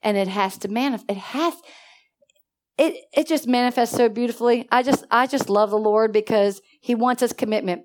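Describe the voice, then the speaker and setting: Animated woman preaching a sermon. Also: a little high, normal speed. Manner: animated, swings from hushed to loud, asks the audience questions. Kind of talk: sermon with personal stories.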